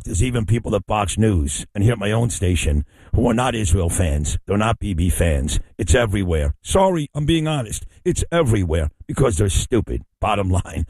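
Blunt talk radio host, dry sound. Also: male voice, a little high, a little mellow, no room sound. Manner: blunt, emphatic.

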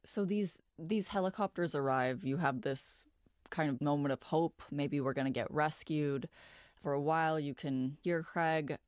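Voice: mid-range voice, measured pace, no room sound, clean studio sound. An interviewer asking probing, empathetic questions about a survival story.

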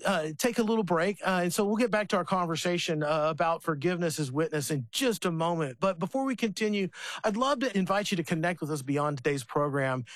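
High-voiced animated man hosting a talk show. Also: fast talker, no echo. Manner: animated storyteller, many restarts. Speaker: radio show host. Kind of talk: faith radio conversation.

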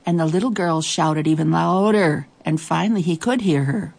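Breathy woman reading a children's story. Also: deep voice. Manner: expressive, slow and deliberate.

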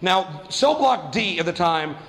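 Stand-up man, high voice, profane self-mocking storyteller, reverberant hall. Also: lively intonation, a little slow, fairly bright tone. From New Mexico. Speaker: stand-up comedian.

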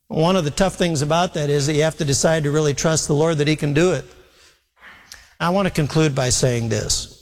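Male pastor, earnest preaching style, somewhat high pitch, recorded with lingering church-hall reverb. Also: a little fast. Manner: earnest preaching, voicing Jesus' words to Peter in quotes. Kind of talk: sermon.

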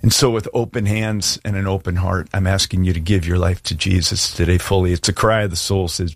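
A man's voice: low voice, fairly even intonation, fairly quick, few pauses, dry recording. A middle-aged man preaching a sermon and making an earnest, pleading altar call. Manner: earnest, pleading, shifts from hushed prayer to emphatic. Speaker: pastor.

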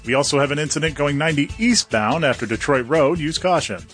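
A man giving a scripted traffic and weather report on the radio, steady and informative. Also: fairly high pitch, fast, faint music behind.

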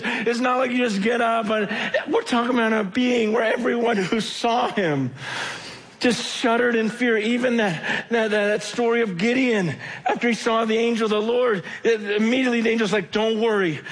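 A man with a notably high voice preaches with raw urgency. He circles back, repeats and restarts phrases as the feeling builds, pleading with his listeners. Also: fairly bright tone. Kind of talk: impassioned sermon. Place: conference hall.

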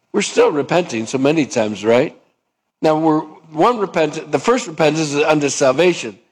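Man, preacher, sermon, fairly high voice, rhetorical questions, acts out dialogues.

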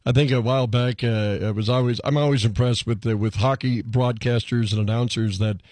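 A man's voice: mid-range voice, fairly even intonation, fairly quick, a little mellow, no echo. A man hosting a radio show, chatting casually in a rambling way and laughing easily. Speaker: radio host.

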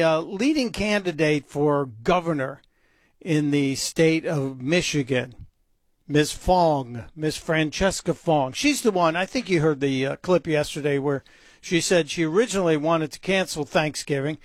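Man, talk radio host, sarcastic, mocking, higher voice, dry close mic. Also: dry recording. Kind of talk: opinion talk radio monologue.

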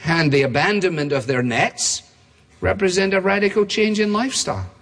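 High-voiced preacher in a reverberant hall. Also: male voice, moderate pace, fairly bright tone. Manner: emphatic, builds with repeated phrases. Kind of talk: sermon. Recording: long reverb of a large hall.

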